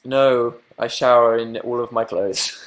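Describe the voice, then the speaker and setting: A young man with a southern English accent, chatting playfully through viewer questions on a livestream from his room. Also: medium pitch. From southern England. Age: young adult. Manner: playful, self-mocking, bursts into silly sing-song noises. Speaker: livestream host. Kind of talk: casual livestream chat answering viewer questions.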